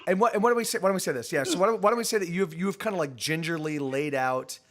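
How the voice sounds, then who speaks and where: A man narrating as game master for a tabletop game, talking in halting bursts full of restarts. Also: on the high side, a bit bright.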